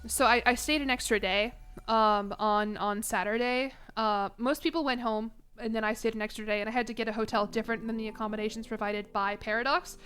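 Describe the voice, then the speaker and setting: A woman's voice: fairly high pitch, steady tone, a little fast, a bit bright, clear, resonant tone, faint music behind. Chatty, emotional streamer woman. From Chicago, US. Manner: rambling, emotional, self-mocking, laughs often. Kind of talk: casual chat on stream.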